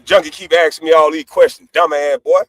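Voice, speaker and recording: A high-pitched man rants brashly, swearing freely and switching from loud outbursts to low asides. His voice sits close and dry, with no room around it. It sounds like a heated livestream call-in. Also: steady tone, a little fast, no echo, poor audio. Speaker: panelist on a live stream.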